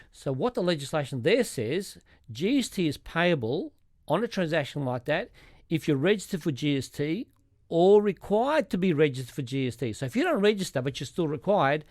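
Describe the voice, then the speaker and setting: Male accountant guest, methodical explainer, slightly high voice, dry studio sound. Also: darkish tone, no echo. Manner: methodical, walks through examples step by step. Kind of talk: explaining tax rules in a podcast.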